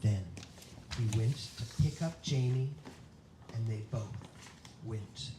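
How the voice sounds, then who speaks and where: At a live theatre event, a host with a mid-range voice slowly narrates a children's story, playfully hamming up the spooky bits. The recording is noisy and echoey, picked up by a distant mic.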